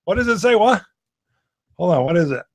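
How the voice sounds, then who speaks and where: Animated, joking man telling stories. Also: high voice, fairly quick. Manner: animated, jokey storyteller. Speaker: whisky show co-host. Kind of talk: casual live-stream chat.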